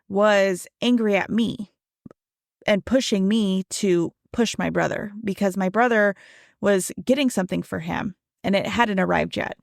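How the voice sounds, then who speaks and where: A woman in her thirties hosts her own podcast, telling a personal story casually and conversationally, full of "like" and "right?". Her mid-range voice is gravelly, captured in a dry recording with clean studio sound.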